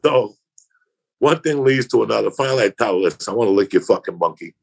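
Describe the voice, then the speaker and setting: Brief: male comic, crude and profane anecdote teller, husky voice with a lively, swinging delivery. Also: lowish voice, quick pace. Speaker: comedian guest. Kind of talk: casual podcast storytelling.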